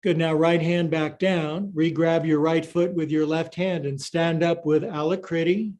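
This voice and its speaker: A man's voice: on the high side, fairly even intonation, measured pace, darkish tone. Upbeat older man coaching a yoga class. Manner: upbeat, playful coaching cues, counting reps. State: out of breath at times. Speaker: yoga teacher. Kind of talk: live-streamed yoga class instruction.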